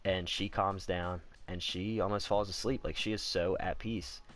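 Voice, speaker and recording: A man's voice: deep voice, fairly even intonation, normal speed, fairly bright tone, a little hiss or hum. A young man telling a personal story in a casual vlog, candid and rambling, swearing freely and saying "like" a lot. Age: young adult. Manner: candid, profane, rambling, heavy on "like".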